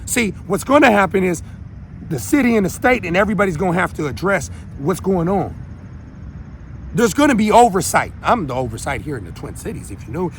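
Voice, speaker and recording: Minnesota guy going off on his show, high voice, bit of traffic noise behind. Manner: emphatic, rambling, swings loud and quiet. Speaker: show host. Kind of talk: unscripted rant to viewers.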